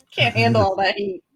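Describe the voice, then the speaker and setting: A young American woman streaming live, chatting playfully and swearing freely. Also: fairly high pitch. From United States. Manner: animated, playful and swearing, with sudden squeals. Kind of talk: casual live-stream chat.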